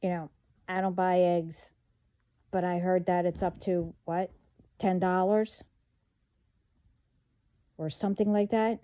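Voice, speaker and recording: A woman vlogging in a casual monologue, talking haltingly with many fillers and trailing thoughts. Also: on the low side, level tone, highs cut off.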